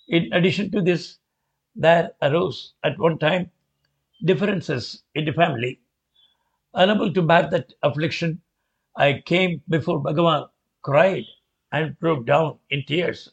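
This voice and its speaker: A man reads a devotional memoir aloud at a very slow, measured pace. His voice sits slightly high and earnest. The recording is dull and lo-fi. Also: gravelly. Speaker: reader.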